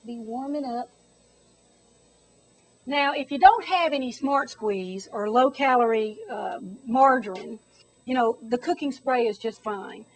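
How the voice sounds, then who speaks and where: A woman's voice: fairly high pitch, low-quality recording. A middle-aged woman hosting a home cooking demonstration, chatty and bubbly with theatrical exclamations. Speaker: cooking show host.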